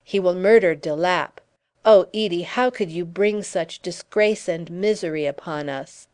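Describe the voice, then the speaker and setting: A woman's voice: on the low side, unhurried, darkish tone, natural voice. A woman reading the lines of a blunt, plain-spoken young man in an audiobook.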